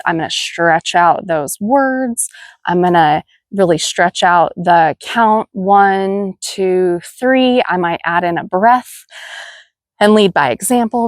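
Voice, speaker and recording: A woman at a middle pitch talks other riding instructors through her tips, steady and practical, counting cues out loud. The sound is dry, with almost no room around her. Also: dry recording. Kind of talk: instructional video talk.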